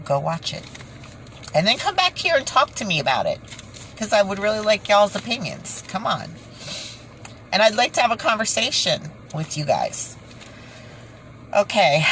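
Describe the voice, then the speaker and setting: A woman talking casually to her viewers while reading from her notes, halting often, correcting herself and laughing at her own slips. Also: deep voice, a bit bright, slight background noise, poor audio. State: tired, head pounding. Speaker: video creator.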